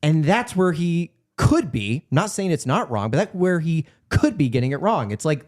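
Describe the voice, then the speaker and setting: A man's voice: a little high, very animated, normal speed, few pauses, darkish tone. A man co-hosting a casual film-review podcast, arguing his point at length with hedges and asides. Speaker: podcast co-host.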